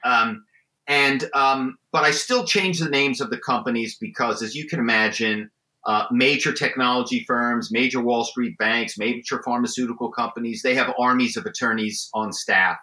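A middle-aged man tells animated stories as an interview guest, stumbling and restarting as he goes. His voice is bright and forceful. The recording carries a noticeably roomy echo. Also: medium pitch, moderate pace. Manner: animated anecdotes with frequent restarts and imitated voices. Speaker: guest, former corporate spy and author. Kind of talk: conversational storytelling interview.

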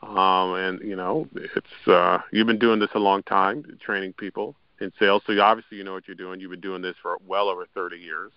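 A man hosting an interview, talking in a halting way with many fillers and short replies. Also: sits low, flat delivery, no room sound. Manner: halting, full of "you know" and backchannels. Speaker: podcast host. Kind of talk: interview conversation. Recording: dry, dull lo-fi audio.

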